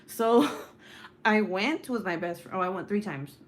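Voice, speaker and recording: A woman's voice: mid-range voice, unhurried. A young woman hosts a casual livestream, telling a story from her own life with lots of laughter and blunt swearing. Her voice sits in a middle register. A faint hiss of noise runs under her voice. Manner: animated, laughing, swears freely, quotes people in voices. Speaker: livestream host.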